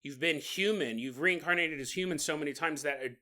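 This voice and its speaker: A man's voice: on the high side, fairly quick, pushed and bright. A man hosting a podcast alone, talking casually and playfully, often laughing at his own jokes. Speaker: podcast host. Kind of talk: casual monologue.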